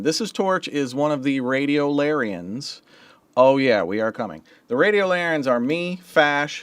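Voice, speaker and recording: A man's voice: medium pitch, dry recording. A man hosting a livestream as a mixing engineer, talking in a loose, chatty way with slang and the odd swear word. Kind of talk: casual livestream teaching.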